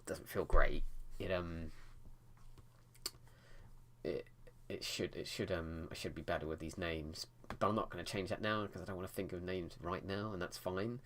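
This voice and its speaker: Man, deep voice, casual writing vlog, loose and rambling with restarts. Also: steady tone, moderate pace, a bit bright, slight background noise. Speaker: writing vlogger. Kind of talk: casual talk to camera about editing.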